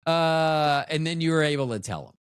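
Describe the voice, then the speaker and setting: Man, podcast host, casual chat, self-mocking jokes, animated pitch, dry close sound. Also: normal speed, smooth, no room sound. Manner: rambling, joking, self-mocking.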